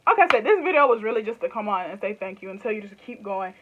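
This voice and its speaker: In a casual direct-to-camera YouTube chat, a Southern US woman in her twenties races along in a sing-song, mid-range voice. She rambles in loose phrases and laughs often, and the audio has a phone-quality sound.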